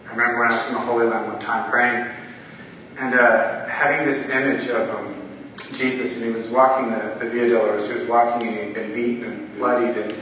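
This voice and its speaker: A man's voice: mid-range voice, flat delivery, fairly quick, noisy background. Man preaching in an echoey hall. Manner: conversational preaching, rising to impassioned pleas then soft prayerful tones. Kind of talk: sermon. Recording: echoey hall, distant mic, faint ambience.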